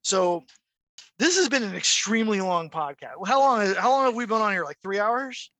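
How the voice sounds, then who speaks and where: Animated gravelly-voiced man. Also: sits high, moderate pace, dry recording, poor audio. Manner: animated storyteller, acts out quoted voices. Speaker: podcast co-host. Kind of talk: casual chat.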